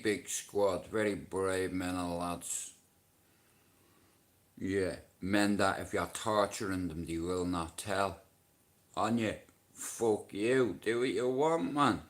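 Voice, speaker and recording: A middle-aged man with a Dublin Irish accent, chatting on his livestream, swearing freely and bantering with viewers. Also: sits low. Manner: profane, banters with chat and shouts at commenters. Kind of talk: casual livestream chat.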